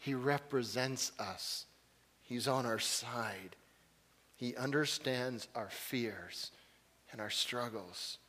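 A male pastor preaching a sermon, swinging between loud rhetorical questions and hushed, intimate passages, often repeating his words for emphasis. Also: medium pitch, slow pace, in a large hall.

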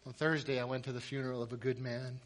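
A man's voice: medium pitch, level tone, fast, in a large hall. A man preaching a sermon, earnest and emphatic, telling stories and repeating key points. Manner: earnest, emphatic storytelling with repetition.

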